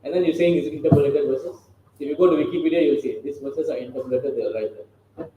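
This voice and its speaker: A man teaching a scripture class lectures in a conversational way and keeps asking the audience rhetorical questions. His warm voice is on the high side and fast, with the highs cut off. The room is very echoey, with faint noise.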